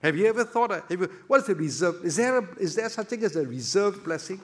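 A man's voice: high voice, animated, fast talker, slightly rough. A man preaching a sermon, emphatic, full of rhetorical questions and repeated words.

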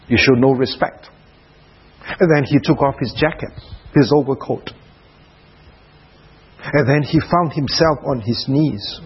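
A man preaching a sermon at a prayer retreat, dramatic, dropping to soft hushed passages. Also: mid-range voice, unhurried, long pauses, husky, lo-fi sound.

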